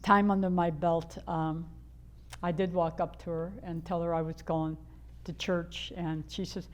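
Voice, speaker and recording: An older woman from the Chicago area, USA, tells her own life story with a lowish, level voice at a slightly slow pace. Her telling is candid and rambling, packed with fillers and restarts.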